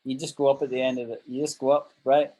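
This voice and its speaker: A man's voice: mid-range voice, level tone, fast, mellow, rough recording. A man teaching an online English grammar lesson, patiently walking through example sentences and checking that his students follow.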